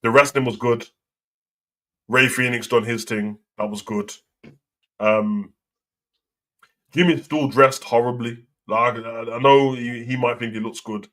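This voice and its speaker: A man's voice: medium pitch, fairly even intonation, measured pace, long pauses, a bit bright. A man hosting a live wrestling talk show, chatting in a slangy, opinionated way. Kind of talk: casual live reaction chat.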